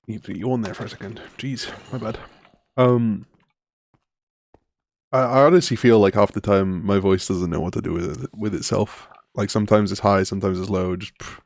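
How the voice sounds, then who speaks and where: A man's voice: on the low side, darkish tone, no echo. A man in his twenties streaming a game, chatting casually, laughing often and rambling with lots of fillers. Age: 20s. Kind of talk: casual live-stream chat.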